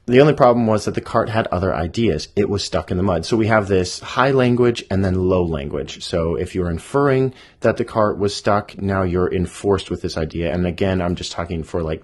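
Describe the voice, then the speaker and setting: A man casually talking through edits of his own children's story, thinking aloud with self-deprecating asides. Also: low voice. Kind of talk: casual monologue while editing a story aloud.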